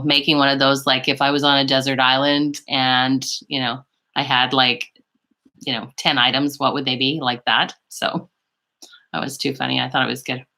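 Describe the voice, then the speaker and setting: A woman's voice: a bass voice, bright, forceful tone. A woman from western Canada hosting a live beauty stream, chatting casually with viewers in a rambling way full of asides. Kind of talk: casual live chat, reading viewer comments.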